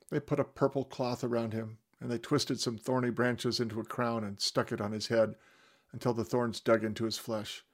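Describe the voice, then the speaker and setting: Man with a gravelly voice doing dramatic bible storytelling, middle pitch, lots of emphasis. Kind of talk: dramatic first-person scripture retelling.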